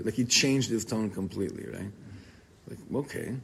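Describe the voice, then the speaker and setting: A man giving an informal, animated Torah class, telling stories and mixing in Hebrew and Yiddish words. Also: on the low side, measured pace, vocal fry, pauses often, husky, poor audio. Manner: animated storytelling, code-switching with Hebrew and Yiddish terms.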